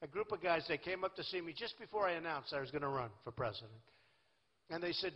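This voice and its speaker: Rally speaker, man in his sixties, boastful and repetitive, fairly high voice, husky, long hall echo, dull lo-fi sound. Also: fast. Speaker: political candidate. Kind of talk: campaign rally speech. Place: large rally venue. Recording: lo-fi echoey hall recording.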